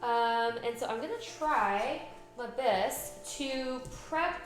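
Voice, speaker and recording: A woman's voice: a little high, expressive, takes it slowly, soft background music. A young adult woman streaming as she cooks in her home kitchen, chatting casually and rambling with lots of "like" fillers. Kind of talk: casual chat while cooking.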